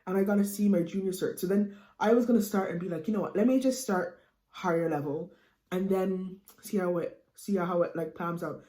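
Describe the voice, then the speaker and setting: A young Irish woman in her late teens, a student vlogger, chats casually and animatedly to camera, full of fillers like "you know what I mean." Her voice is on the low side and brisk, and the recording is reverberant.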